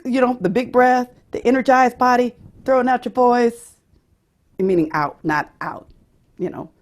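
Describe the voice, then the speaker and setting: A woman's voice: on the low side, a little mellow. Woman, vocal pedagogy teacher, explains and demonstrates voices.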